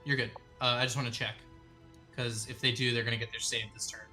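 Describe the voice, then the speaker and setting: Male game master, sharp bright voice, laid-back, curses freely, lots of ums. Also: medium pitch, little pitch movement, quick pace, soft background music. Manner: casual, swears a lot, many ums. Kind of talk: running a tabletop game over voice chat.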